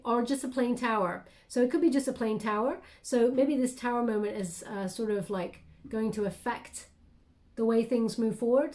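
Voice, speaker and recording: A woman's voice: on the high side, mellow. Woman doing a musing tarot reading. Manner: musing, hesitant, with many fillers and restarts. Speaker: tarot reader. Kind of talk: channeled tarot reading to camera.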